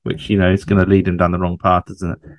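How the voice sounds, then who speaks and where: A man's voice: sits low, monotone, quick pace, highs cut off. A man co-hosting a podcast, chatting casually through a sitcom episode and asking his co-host questions as he goes.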